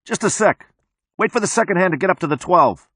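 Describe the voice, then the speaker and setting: A man voicing an offhand male police officer counting down in a clipped, high voice, in a dry recording. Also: animated, a little fast, bright, forceful tone, dry recording, heavily acted.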